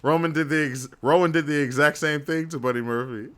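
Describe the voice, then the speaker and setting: A man's voice: on the high side, a little fast. A man co-hosting a podcast, chatting loosely and laughing as he recaps wrestling, often acting out what wrestlers said. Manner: animated, laughing, swearing, mimicking wrestlers. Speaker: podcast co-host. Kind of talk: casual wrestling recap chat.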